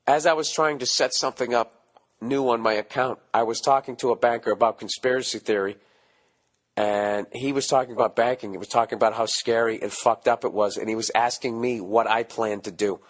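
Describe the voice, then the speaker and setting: A man in his forties with a Boston accent, hosting a podcast, ranting casually with lots of profanity; his voice is hoarse from screaming. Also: medium pitch, fairly quick. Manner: profane, animated ranting with mocking asides. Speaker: podcast host.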